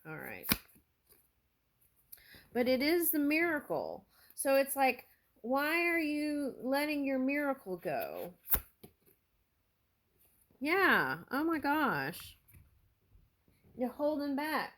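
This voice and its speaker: A woman giving a spiritual tarot reading, talking slowly and earnestly and thinking aloud as she goes. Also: sits high, huge pitch swings, a bit bright. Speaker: tarot reader.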